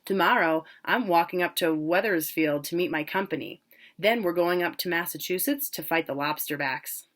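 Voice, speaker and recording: A woman's voice: on the low side, moderate pace, close to an everyday voice. A woman voicing a proud, cocky young man, the older brother home from college.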